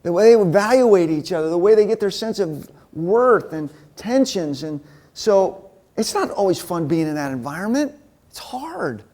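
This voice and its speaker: This men's ministry speaker talks conversationally to a men's group, sharing personal stories as a sermon and acting out who said what. His high voice has a darkish tone, lively intonation, and a moderate pace.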